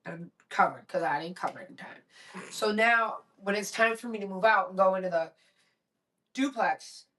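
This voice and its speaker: A woman's voice: mid-range voice, moderate pace, fairly bright tone. A woman in her forties, co-hosting a podcast, telling a story bluntly, swearing freely and acting out what people said. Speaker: podcast co-host. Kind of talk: casual storytelling chat. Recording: voice a bit distant from mic.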